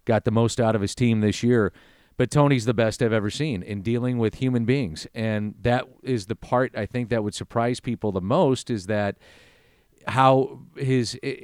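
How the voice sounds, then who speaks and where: A man's voice: medium pitch, darkish tone, clear, resonant tone, no room sound, clean studio sound. A man who works as a sports broadcaster, speaking earnestly in a casual podcast conversation and listing details one by one.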